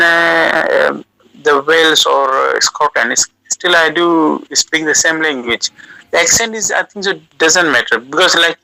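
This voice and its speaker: A man whose first language is South Asian talks through an audio call in a sharp, forceful voice. He goes slowly and haltingly, filling gaps with uh and restarting phrases. The sound is dry and close. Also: on the high side, vocal fry, dry recording, poor audio. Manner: slow, halting, many uh fillers and restarts. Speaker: guest giving language advice. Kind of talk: casual advice over an audio call. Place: lives in the United Kingdom.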